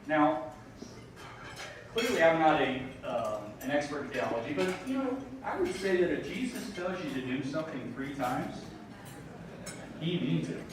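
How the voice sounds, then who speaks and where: A man's voice: on the high side, big pitch swings, normal speed, noisy background. A man, a school board member, gives an informal gala speech from a podium, talking casually with ums and self-deprecating jokes. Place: large banquet hall at a dinner gala. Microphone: podium microphone heard from a distance. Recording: very echoey hall, far from the mic, dishes clinking. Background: clatter of cutlery and dishes.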